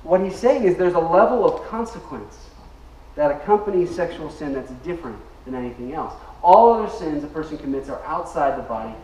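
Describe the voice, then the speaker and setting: A man's voice: a little high, lively intonation, fairly quick, warm tone, a little hiss or hum. A male pastor delivering an emphatic sermon in a church sanctuary. He draws the congregation into call-and-response. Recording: echoey room, mic at a distance.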